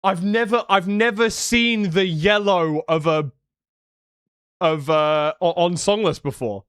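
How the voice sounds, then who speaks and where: A man streaming a game live, talking to himself in repeated short phrases and bursting into loud, sweary frustration. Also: high voice, takes it slowly, smooth, no room sound, clean studio sound. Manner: swings into loud frustrated outbursts with heavy swearing. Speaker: livestreamer.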